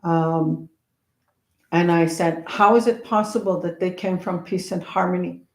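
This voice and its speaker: A woman, a traditional teacher, telling a personal story in an earnest, reflective way with pauses and hesitations. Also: on the low side, steady tone. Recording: roomy echo.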